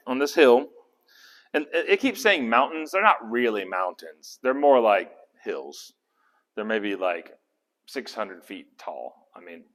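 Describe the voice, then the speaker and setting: A man leading a casual Bible study, talking through the passage and asking his group questions. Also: mid-range voice. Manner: animated, acts out characters' lines; conversational, asks the group questions.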